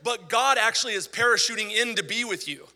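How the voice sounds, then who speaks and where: Animated high-voiced male preacher, bright and gravelly. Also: a little fast, in a large hall. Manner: animated, conversational preaching with asides. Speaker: pastor. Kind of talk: sermon.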